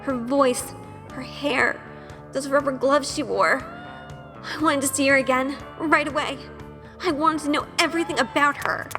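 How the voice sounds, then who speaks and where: A woman's voice: high voice, normal speed, bright, forceful tone, big-room sound, soft background music. An actress narrating in first person as a shy, nervous young woman who keeps questioning herself in an audio drama. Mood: self-conscious. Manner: earnest, self-questioning inner monologue.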